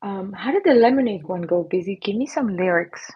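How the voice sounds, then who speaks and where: A woman's voice: mid-range voice, animated, fairly quick, breathy edge, lo-fi sound. A middle-aged woman hosting a casual livestream while she paints, chatty and playful, slipping into silly voices and whispers. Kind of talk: casual live-stream chat while painting. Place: at her painting desk.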